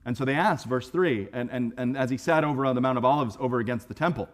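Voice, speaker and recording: A man preaching a sermon in a conversational, animated way, acting out voices and often repeating words as he starts a phrase. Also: mid-range voice, quick pace. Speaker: pastor. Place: church sanctuary.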